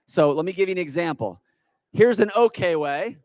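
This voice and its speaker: A man giving an energetic, persuasive stage talk at a business expo, quizzing the audience with rhetorical questions. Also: sits high, moderate pace, no room sound. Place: conference hall with audience.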